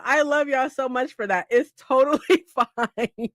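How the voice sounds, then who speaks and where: A woman's voice: high-pitched, unhurried, fairly bright tone, dry recording, clean studio sound. A woman hosting a reading livestream, chatting casually with her viewers, laughing often and teasing them. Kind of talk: casual chat with live chat viewers.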